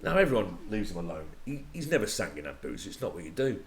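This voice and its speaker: English male musician guest, low voice, wildly animated, rambling storyteller. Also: fast. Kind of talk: casual anecdote telling.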